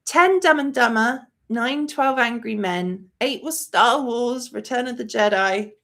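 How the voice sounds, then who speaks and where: Brief: effusive female movie-channel host, casual stream chat, higher-pitched voice. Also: unhurried, a bit bright. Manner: effusive, gushing, chatty; reads viewer comments aloud.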